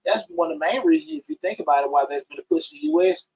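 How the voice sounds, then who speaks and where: A man hosting a casual call-in podcast conversation. His voice sits fairly high and swings widely, leaping up on emphasis. The tone is husky and gravelly, and he often restarts his sentences mid-thought. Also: big pitch swings, rapid-fire, darkish tone, no room sound, poor audio. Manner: talks in bursts with many restarts, pitch jumping up emphatically. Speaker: podcast host.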